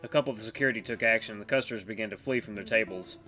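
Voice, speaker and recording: A man's voice: on the low side, rapid-fire, pushed and bright, faint music behind. Playful young man reading a game aloud. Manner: playful, jokey, laughs often. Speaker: gaming channel host. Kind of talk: reading a visual novel aloud.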